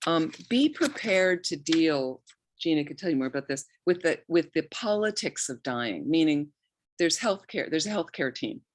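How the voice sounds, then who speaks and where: A woman's voice: low voice, big pitch swings, normal speed, no echo. A middle-aged woman, a Buddhist nun, giving an informal talk with personal stories, talking conversationally with frequent restarts. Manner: conversational, anecdotal, many restarts and quoted asides.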